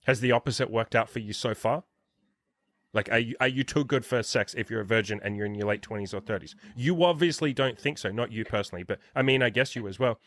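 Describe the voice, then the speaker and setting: A man's voice: mid-range voice, fast talker, a bit bright, no room sound. A man in his thirties hosting an interview as a dating coach, talking bluntly with plenty of swearing. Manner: blunt, profane, emphatic. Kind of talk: casual interview chat.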